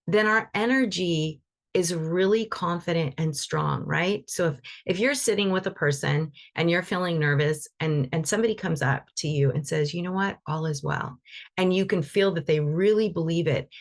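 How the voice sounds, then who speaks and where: A woman teaching animal Reiki in a live online session, talking loosely and conversationally with frequent restarts. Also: on the low side.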